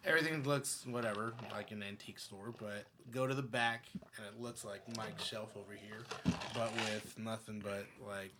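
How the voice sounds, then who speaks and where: A man's voice: on the low side, steady tone, moderate pace, noisy background. A man in casual chat, talking in a laid-back, dry way.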